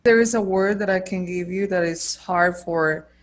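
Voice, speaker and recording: A woman's voice: fairly low pitch, normal speed. A Colombian woman, Spanish her first language, chatting as a guest teacher and carefully practicing English words. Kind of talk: casual conversational interview.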